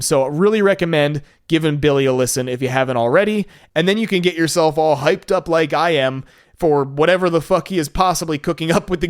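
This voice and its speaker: A man's voice: on the high side, smooth, no room sound, clean studio sound. A man hosting a solo podcast in a casual, enthusiastic, laid-back way, with some casual swearing. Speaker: podcast host.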